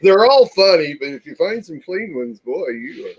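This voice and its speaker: A man's voice: a little high, sing-song, moderate pace, muffled recording. A man co-hosting a casual talk show, throwing in dry, teasing quips. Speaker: co-host.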